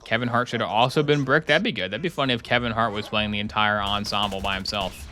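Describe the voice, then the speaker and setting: Male streamer, casual live chat, sarcastic and rambling, bright-toned voice. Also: fairly low pitch, quick pace.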